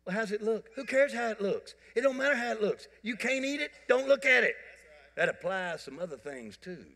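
A pastor preaches a sermon in a church sanctuary, telling folksy, joking stories to his congregation in an animated way. His voice sits high and his pace is brisk, with church hall reverb on the recording.

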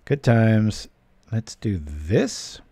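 A man's voice: fairly low pitch, very animated, drawn-out words, mellow, no room sound. A man giving casual gameplay commentary while reading his stream chat, chatty and joking. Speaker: streamer playing a card game.

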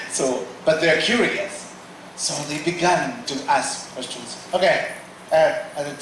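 A man tells his life story from the pulpit in a slightly high, very animated voice, acting out the people in it. The sound rings through a large echoing hall, caught from a distance over a faint room hum. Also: moderate pace. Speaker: guest speaker. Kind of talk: sermon testimony. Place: large church auditorium. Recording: echoey hall from far off.

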